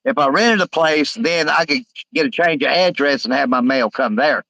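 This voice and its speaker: Guy rambling on his livestream, kinda high voice, lots of uhs, dry close sound. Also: gravelly, sharp tone, no echo, poor audio. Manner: rambling, halting, many uh fillers. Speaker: live stream host. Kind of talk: casual live stream chat, reading comments aloud.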